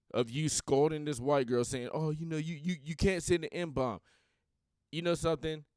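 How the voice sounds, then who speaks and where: A man's voice: a little high, clear, resonant tone, dry recording, clean studio sound. A man hosting a podcast, talking bluntly in a rambling, opinionated casual monologue. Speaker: podcast host.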